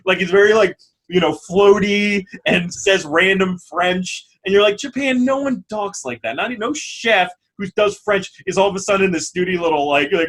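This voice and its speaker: Animated male podcast co-host. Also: high voice, moderate pace. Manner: animated, laughs and mimics characters often. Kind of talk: casual chat.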